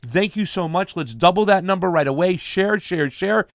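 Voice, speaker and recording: A man's voice: sits high, expressive, moderate pace, no echo, studio quality. A man hosting a casual livestream, upbeat, thanking donors and urging viewers to share. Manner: hyped, reads donor names, calls viewers fam. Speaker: livestream host.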